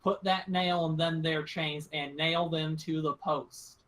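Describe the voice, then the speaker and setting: A man's voice: on the high side, fairly even intonation, takes it slowly, a bit bright. A man voicing a suspicious, armed backwoods woman who speaks in a threatening folksy drawl, in a tabletop game. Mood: commanding.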